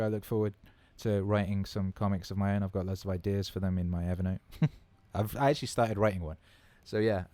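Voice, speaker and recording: A man's voice: on the low side, dark tone, no echo. A man in his thirties hosting a casual livestream Q&A, rambling enthusiastically and swearing freely. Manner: enthusiastic, repeats words for emphasis. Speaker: livestream Q&A host.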